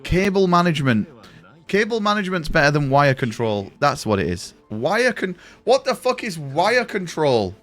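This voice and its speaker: A man's voice: fairly high pitch, big pitch swings, normal speed, a bit bright, soft background music. A young man chatting casually with his live-stream audience from his room, rambling and swearing freely. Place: home room.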